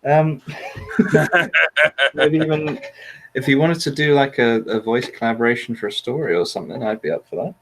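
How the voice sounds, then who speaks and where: A man's voice: mid-range voice, moderate pace, fairly bright tone. A man hosting a casual chat, rambling with hesitant fillers and laughing often. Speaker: podcast host.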